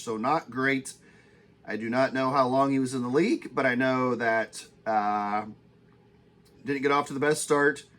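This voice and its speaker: A man hosting a casual podcast, talking calmly and reading stats in a dry, plain manner. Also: mid-range voice. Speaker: podcast host.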